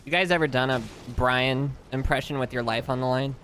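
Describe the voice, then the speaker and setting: A man's voice: medium pitch, fairly even intonation, a little fast, fairly bright tone, a little hiss or hum. A young man streaming a game, bantering with his chat in a joking, exasperated way. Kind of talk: casual live-stream commentary.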